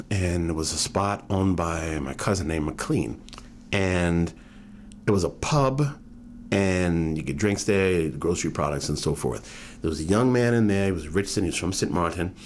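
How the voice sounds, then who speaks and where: A man's voice: low-pitched, a little hiss or hum. A man in his fifties from New York, telling stories from his life in an oral history interview and acting out the voices of people he quotes. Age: 50s. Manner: animated, acts out quoted voices.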